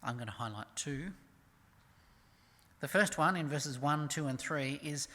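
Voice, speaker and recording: A preacher delivering a sermon with emphasis, swinging from loud declarations to hushed near-whispers and reading scripture slowly and softly. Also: mid-range voice, in a large hall. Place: church.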